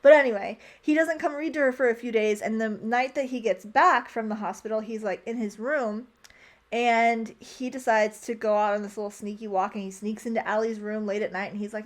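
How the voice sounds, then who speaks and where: A woman's voice: on the high side, brisk. A young woman recapping a movie in a casual vlog, chatty and gushing, with a lot of "like" in her speech. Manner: chatty, heavy use of "like", gushing. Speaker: movie commentary vlogger.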